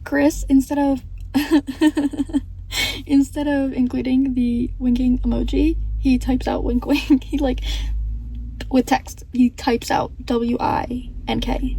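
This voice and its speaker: A woman's voice: high-pitched, flat delivery, unhurried, vocal fry, warm tone, a little hiss or hum. A young adult woman chatting casually in a reading vlog, rambling and earnest, often breaking into laughter as she talks about books. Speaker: book vlogger.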